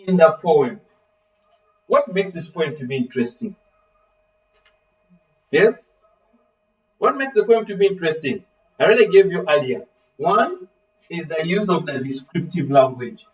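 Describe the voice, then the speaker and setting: A man's voice: sits high, a little slow, pauses often, recorded from a distance, poor audio. A man teaching a literature lesson, calling on students by name and asking fill-in-the-blank questions. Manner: animated, acts out voices of characters. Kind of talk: live online literature lesson.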